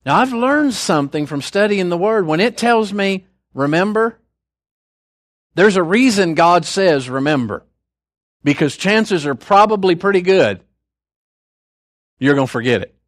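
A man's voice: high-pitched, expressive, moderate pace, no echo. Older man preaching, dry close sound. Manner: conversational, storytelling, folksy asides. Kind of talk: sermon.

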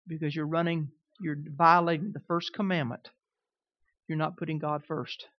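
A man preaching as a pastor, swinging between loud, emphatic lines and quiet, conversational asides. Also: a little high, little pitch movement, moderate pace, dry recording, lo-fi sound. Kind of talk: sermon.

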